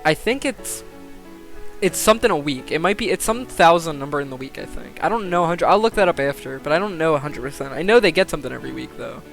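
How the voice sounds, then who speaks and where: Excitable young man streaming, high voice. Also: fast talker, creaky, soft background music. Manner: excitable, swears, laughs, thinks aloud. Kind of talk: live-stream commentary on a game simulation.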